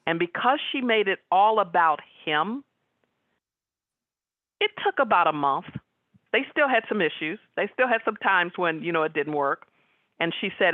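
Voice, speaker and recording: A woman's voice: on the low side, normal speed, no echo. Middle-aged woman presenting on a webinar, chatty storyteller, dry tinny phone-ish audio. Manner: conversational, animated storyteller. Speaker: guest speaker. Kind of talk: webinar presentation with personal stories. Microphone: video call.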